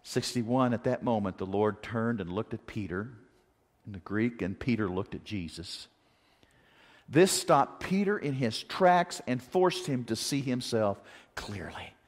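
A man's voice: medium pitch, unhurried. Guy preaching, voice swings way up and down, big hall echo. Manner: animated, acts out quotes, rhetorical questions. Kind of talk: sermon. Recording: long reverb of a large hall.

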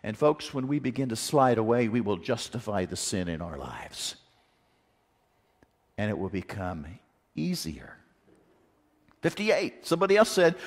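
A man preaching a sermon, animated, asking rhetorical questions and acting out the quotes he tells. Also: lowish voice, unhurried, pauses often. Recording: long reverb of a large hall.

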